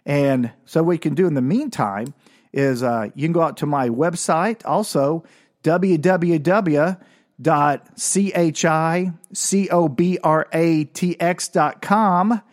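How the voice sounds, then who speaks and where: A man's voice: fairly high pitch, slow. A man hosting his own podcast, telling a childhood story in a comic, self-mocking way and laughing often. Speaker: podcast host.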